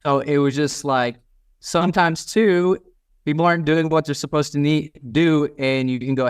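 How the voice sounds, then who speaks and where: Male podcast host, blunt and casual, smooth clear voice, dry close sound. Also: on the high side, fairly even intonation, moderate pace, no echo. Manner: blunt, swears casually, quotes people in little acted lines. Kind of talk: casual business interview.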